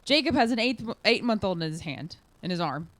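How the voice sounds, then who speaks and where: Animated woman telling a story. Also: medium pitch, fairly quick, no room sound. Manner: animated storytelling, acts out quotes. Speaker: podcast co-host. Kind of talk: casual chat.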